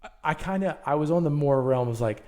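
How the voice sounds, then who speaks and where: A man co-hosting a podcast in casual chat, excitable and quick to laugh. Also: on the high side. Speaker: podcast co-host.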